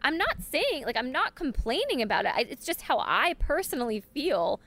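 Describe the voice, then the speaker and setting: High lively woman chatting sports, bouncy, lots of likes and ums. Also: normal speed. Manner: animated, laughs often, many fillers. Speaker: podcast co-host. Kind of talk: casual sports chat.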